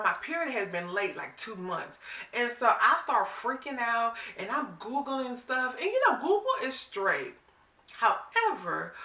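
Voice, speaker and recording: Animated woman in her forties, echoey room. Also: a little high, recorded from a distance. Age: 40s. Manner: animated, dramatic retelling with quoted voices. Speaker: vlogger. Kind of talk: casual storytelling vlog.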